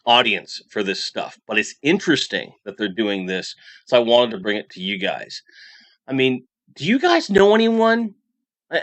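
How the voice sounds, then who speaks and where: Chatty man with lively pitch. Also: no room sound. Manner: chatty, rambling, frequent restarts and fillers. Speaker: toy news livestream host. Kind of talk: casual livestream chat reading super chats.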